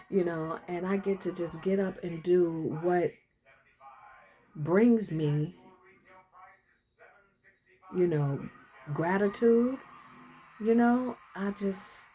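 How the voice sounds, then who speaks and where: A woman's voice: medium pitch, a little mellow, slight background noise. A middle-aged woman talking casually to her camera, emphatic and slangy, laughing often. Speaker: vlogger caring for her mother-in-law. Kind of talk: casual reflective monologue.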